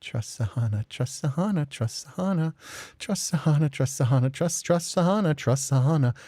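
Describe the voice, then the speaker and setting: A woman's voice: low-pitched, animated, moderate pace, dark tone, slight background noise. A woman voicing a mentally unstable young male author who pleads frantically and repeats himself, with faint game music behind. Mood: panicked. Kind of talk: voicing visual novel lines.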